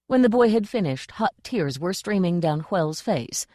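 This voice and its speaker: A woman narrating a fantasy novel as an audiobook reader, with a steady storytelling delivery. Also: fairly low pitch, moderate pace, dry recording, clean studio sound. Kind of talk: scripted narration.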